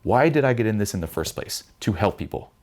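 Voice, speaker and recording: A young man giving blunt, profane self-help advice, mimicking panicked voices in a higher pitch. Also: expressive, fast talker, a little mellow. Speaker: vlogger giving life advice. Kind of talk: direct-to-camera self-help talk.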